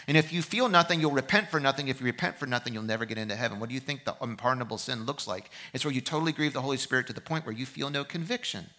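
A man preaching a sermon as pastor. He swings from loud, urgent exhortation to quiet, reflective storytelling. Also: medium pitch, rapid-fire, hardly any pauses. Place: church service.

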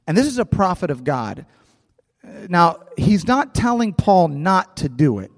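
Pastor, male, somewhat high voice, animated sermon delivery, restarts and repeats words, long hall reverb. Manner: animated, repeats words, acts out scripture with a volunteer.

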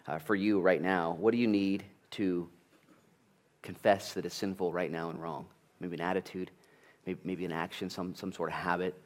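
A middle-aged man preaching a sermon as pastor, telling stories and acting out family conversations. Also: deep voice. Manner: animated storytelling, acting out family dialogue.

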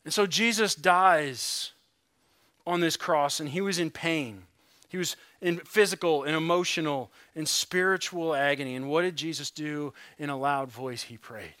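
A man with a high, bright voice preaches an earnest sermon, reading scripture slowly and deliberately. His voice drops to a near hush on the weightiest words. The sound is close and dry, with no room around it. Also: dry recording. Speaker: pastor.

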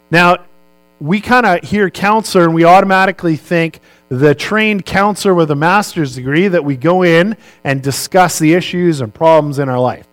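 A man's voice: on the high side, dry recording, low-quality recording. A male pastor giving a sermon in a conversational way, posing rhetorical questions and answering them himself.

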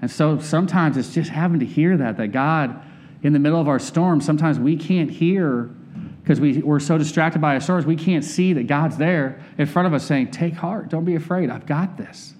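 A man with a fairly high voice delivers a relaxed, conversational sermon. He speaks candidly from personal experience and keeps turning to his listeners with questions. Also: normal speed. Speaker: preacher.

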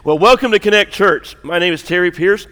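A man's voice: high-pitched, a little fast, fairly bright tone. A man who is a lead pastor, preaching a sermon, joking and conversational with rising emphasis. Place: church auditorium. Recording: long hall reverb.

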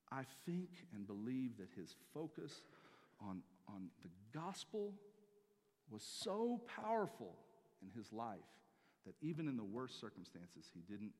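A man preaching a sermon as pastor, swinging between loud emphatic peaks and quiet asides. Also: medium pitch, in a large hall.

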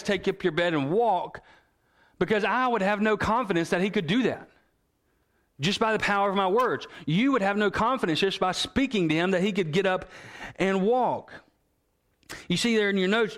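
Man, pastor, sermon, slightly high voice, earnest, slows and drops low for emphasis. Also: a bit bright. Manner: earnest, reading scripture and story quotes aloud.

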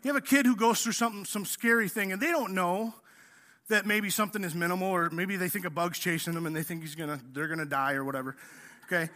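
Bright, high-voiced animated male pastor. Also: quick pace. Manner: animated, acts out quotes with rising pitch and shouts. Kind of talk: sermon.

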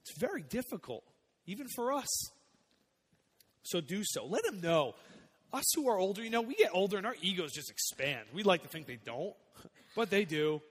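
A young male pastor delivers a sermon in a chatty, personal way, his slightly high voice dropping quiet and then swelling on key points. The sound carries a long reverb, like a large church sanctuary. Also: very animated, moderate pace, long pauses, breathy edge. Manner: conversational preaching, swings between soft and emphatic.

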